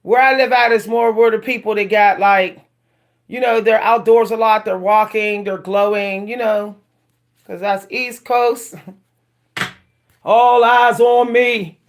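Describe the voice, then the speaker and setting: A woman's voice: medium pitch, steady tone, unhurried. A woman from Pittsburgh with a Pittsburgh accent, chatting casually on a tarot reading livestream and often repeating herself. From Pittsburgh, USA. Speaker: tarot reader.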